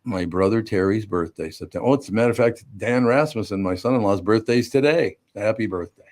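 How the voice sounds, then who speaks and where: Older male radio host, very low voice, teasing storyteller. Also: fairly quick, darkish tone. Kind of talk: casual radio chat.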